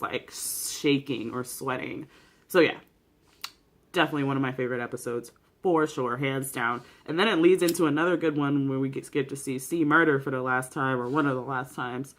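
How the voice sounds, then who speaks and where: Excitable, profane young vlogger. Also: mid-range voice. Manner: excitable, profane, slangy, filler-heavy. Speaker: YouTuber reviewing a TV series. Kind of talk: casual vlog commentary.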